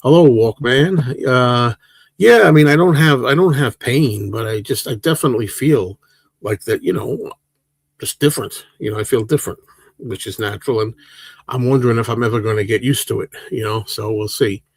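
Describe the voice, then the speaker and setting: A man's voice: medium pitch, a little fast, breathy edge, no echo. A man in his sixties hosting a casual livestream, rambling through viewers' comments and answering them one by one. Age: 60s. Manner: rambling, relaxed, answers chat questions one by one. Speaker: livestream host.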